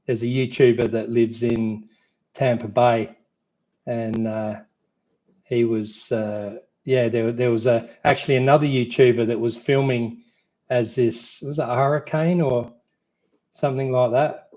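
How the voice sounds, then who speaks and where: An Australian man chats loosely on a live stream, wandering off on tangents with plenty of ums and restarts. His voice sits at an ordinary middle pitch. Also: steady tone, unhurried, a little mellow. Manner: rambling, easygoing, many fillers and restarts. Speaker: co-host. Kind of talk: casual live Q&A chat.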